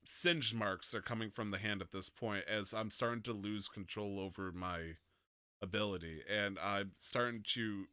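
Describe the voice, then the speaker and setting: A man's voice: on the low side, steady tone, normal speed, sharp tone, clean tone, dry recording, clean studio sound. A man playing a tabletop game, describing his character's actions in the first person. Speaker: player. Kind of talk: tabletop role-play.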